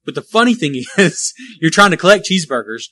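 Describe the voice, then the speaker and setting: A man with a bright, fairly high voice co-hosts a relaxed retro gaming podcast. He rambles and restarts his sentences, laughing along the way. The sound is dry and close. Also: brisk, no room sound. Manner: rambling, self-correcting, laughs often. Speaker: podcast co-host. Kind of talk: casual chat about retro video games.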